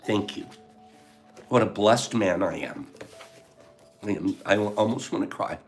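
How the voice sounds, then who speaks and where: A man's voice: lowish voice, a little slow, soft background music. An older man hosting a casual livestream, emotional and heartfelt, laughing often as he chats with viewers. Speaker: livestream host.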